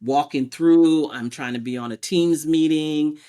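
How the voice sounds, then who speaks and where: A woman's voice: deep voice, a little slow. A woman as a podcast guest, telling her personal story and acting out past conversations as she goes. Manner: animated, acts out past exchanges in quotes.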